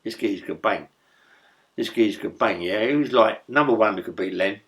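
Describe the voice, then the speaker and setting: An older man, telling rough stories in a rambling, profane way as an interview guest. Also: fairly low pitch, normal speed, a bit bright. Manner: rambling, profane, tag questions like "yeah?". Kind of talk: storytelling in a casual interview.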